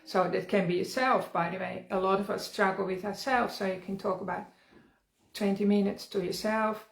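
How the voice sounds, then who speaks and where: A woman's voice: mid-range voice, flat delivery, moderate pace, vocal fry. Middle-aged woman coaching in a roomy space. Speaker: wellness coach. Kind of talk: conversational self-help workshop talk. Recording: roomy echo.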